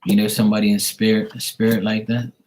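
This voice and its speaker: In this casual live-stream chat, a man with a lowish, fairly flat voice talks a little fast, making crude, street-smart jokes and then giving viewers psychic readings. His remarks frequently drift into quiet, hushed asides.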